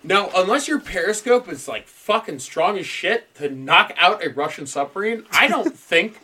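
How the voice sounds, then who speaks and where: Podcast host, male, lively bright voice, swears freely while riffing on a story. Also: high-pitched, normal speed, breathy edge. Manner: profane, laughs a lot, animated storytelling. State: dry mouth. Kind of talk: casual conspiracy podcast chat.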